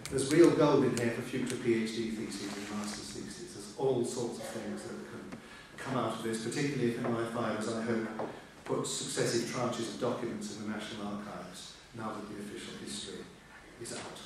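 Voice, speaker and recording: A man's voice: fairly low pitch, fairly even intonation, normal speed, hardly any pauses. A man in his sixties chairing an evening talk, telling wry, digressive anecdotes as an introduction. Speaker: event chair. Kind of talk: after-dinner introduction speech. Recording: echoey hall from far off, room noise.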